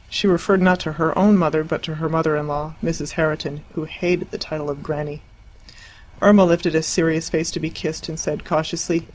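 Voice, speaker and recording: An audiobook narrator reading a classic novel in a measured, even storytelling voice. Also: medium pitch, low-quality recording. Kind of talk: scripted narration.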